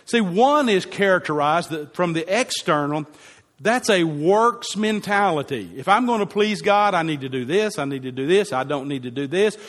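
A high-pitched man preaches to a congregation, hammering points home by saying them again and again. His voice rings out with a long reverb, as if recorded in a large church hall. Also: animated, normal speed, fairly bright tone. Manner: emphatic, repeats phrases for effect. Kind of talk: sermon.

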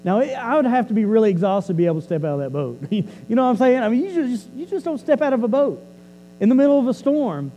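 High-voiced, mellow male preacher. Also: lively intonation, quick pace, in a large hall, a little hiss or hum, rough recording. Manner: conversational, repeats and restarts words. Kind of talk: storytelling sermon.

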